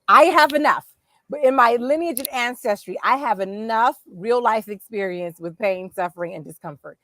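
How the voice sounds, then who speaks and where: A woman from Los Angeles co-hosting a podcast, telling a story in a frank, animated and profane way, laughing often. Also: mid-range voice, dry recording. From Los Angeles, USA. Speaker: podcast co-host. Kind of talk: casual chat.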